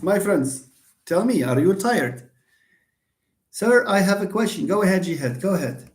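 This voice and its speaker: With a high, expressive voice at a moderate pace, a Moroccan man lectures on phonetics to students in a live online class. This university lecturer jokes with them, demonstrates sounds, and moves between English and Moroccan Arabic; the sound is roomy.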